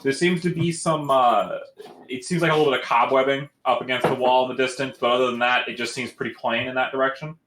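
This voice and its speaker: A man's voice: medium pitch, quick pace, roomy sound, slight background noise, poor audio. Laid-back man running a tabletop game. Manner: relaxed, loose, filler-heavy narration. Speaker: game master.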